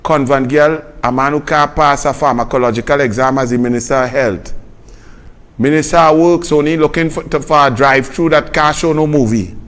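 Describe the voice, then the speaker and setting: High-voiced sarcastic Trinidadian man. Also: fairly quick. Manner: sarcastic, mocking, swings from loud to low. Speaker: political commentary host. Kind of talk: political commentary monologue.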